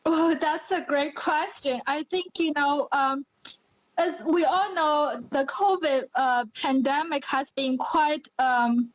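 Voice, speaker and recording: A woman's voice: sits high, slow, dry recording, poor audio. A young woman from China with a Chinese accent, a pageant winner chatting upbeat on a podcast with many fillers. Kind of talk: podcast interview.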